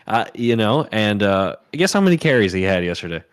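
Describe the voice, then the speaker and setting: A man's voice: fairly low pitch, sing-song, moderate pace. A man co-hosting a casual sports chat show, ranting heatedly, swearing and repeating himself. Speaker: podcast co-host.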